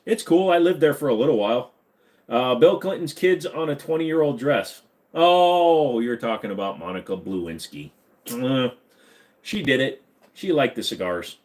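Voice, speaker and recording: Joking thirty-something man live-streaming. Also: medium pitch. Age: 30s. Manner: loose, joking, swings between mumbled asides and loud hype. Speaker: live stream host answering chat.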